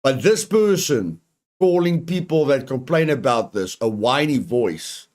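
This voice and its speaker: A man's voice: medium pitch, lively intonation, unhurried, darkish tone. A man on a gaming talk show ranting angrily and bluntly about cheating, swearing and repeating himself. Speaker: co-host reacting to news. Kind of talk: heated rant commentary.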